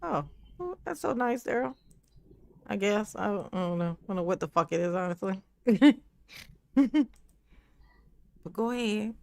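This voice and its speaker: A woman's voice: medium pitch, animated, unhurried, creaky, pauses often. A woman making sarcastic reaction commentary, full of mocking, slangy asides. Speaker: commentary YouTuber.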